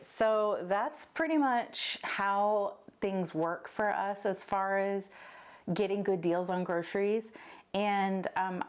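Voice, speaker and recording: A chatty woman with a drawl talks into her phone camera in her home kitchen, a bit breathless. Her talk rambles along with fillers and light laughs, in a middle-pitched voice. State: a little out of breath. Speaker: vlogger. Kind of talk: casual chat. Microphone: handheld phone camera.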